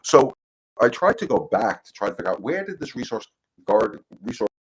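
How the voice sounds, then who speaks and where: A man's voice: medium pitch, very animated, moderate pace, breathy edge, poor audio. A middle-aged man, a dog trainer, giving casual advice in a rambling way, often repeating words as he talks. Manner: rambling, repeats words, acts out quoted voices. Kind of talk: casual livestream advice talk.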